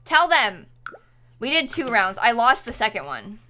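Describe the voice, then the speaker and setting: Woman game streamer, giggly and chatty, bright, slightly high voice. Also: sing-song, normal speed. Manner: chatty, giggly, self-deprecating. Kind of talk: casual livestream chat while playing.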